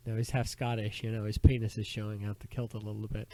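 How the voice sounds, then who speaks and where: A man co-hosting a casual podcast, telling crude jokes and putting on loud voices for the people in them. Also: medium pitch, level tone, fast, hardly any pauses, no echo. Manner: bawdy joke-telling, loud character voices. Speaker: podcast co-host. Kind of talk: casual chat. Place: back porch, outdoors.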